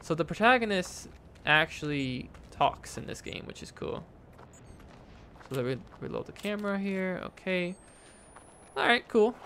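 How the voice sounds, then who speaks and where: A young gaming YouTuber commentates a horror game through a desk mic with a face cam, his high-pitched voice expressive, bright and forceful yet unhurried, with slight background noise. Nervous and jumpy, he talks to viewers using lots of fillers and frightened exclamations.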